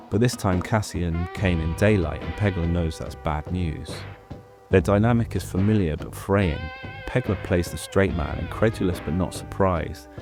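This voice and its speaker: A man giving a scripted, measured breakdown of a TV episode, with some rambling off-script asides. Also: low voice. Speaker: show commentator. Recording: voice over clear guitar music.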